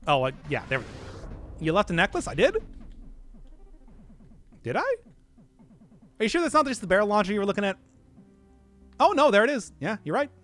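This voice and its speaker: A man's voice: sits high, very animated, brisk, long pauses, fairly bright tone, soft background music. A young man streaming a video game live, giving rambling, chatty commentary and laughing often.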